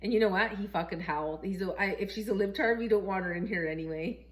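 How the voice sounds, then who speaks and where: A woman's voice: mid-range voice, fast talker. Chatty laughing woman telling a story. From Canada. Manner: chatty, animated, laughs often, acts out quotes. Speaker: vlogger. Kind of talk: casual storytelling monologue.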